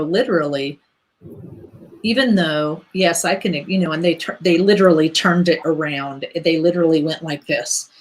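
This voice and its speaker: Woman, lowish voice, casual blunt co-host, says "literally" a lot, swears. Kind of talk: casual chat.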